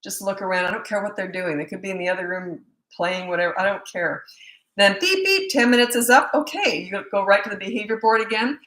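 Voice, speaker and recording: Brief: middle-aged woman parenting coach, lively chatty Q&A, voices the kids she quotes, roomy echo. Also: mid-range voice, fast talker, few pauses. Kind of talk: casual live Q&A talk. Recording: echoey room.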